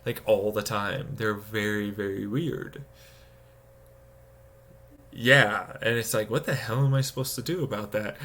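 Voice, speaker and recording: Exasperated streamer man, bright voice. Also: fairly even intonation, unhurried, long pauses. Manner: exasperated, swearing, mocking voices with sudden high outbursts. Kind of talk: casual live-stream rant.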